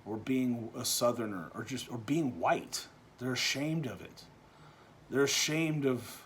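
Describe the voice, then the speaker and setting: A man from Texas, giving an opinion monologue that is full of restarts and swings between quiet, low stretches and loud, animated bursts. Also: a little hiss or hum. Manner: halting, with frequent restarts and repeated words. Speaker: vlogger.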